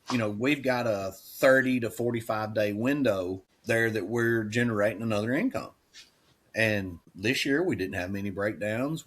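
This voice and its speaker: Folksy farmer telling stories. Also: male voice, fairly bright tone. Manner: folksy, rambling, acts out quoted dialogue with rising pitch. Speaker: dairy farmer and auctioneer, podcast guest. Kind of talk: casual storytelling chat.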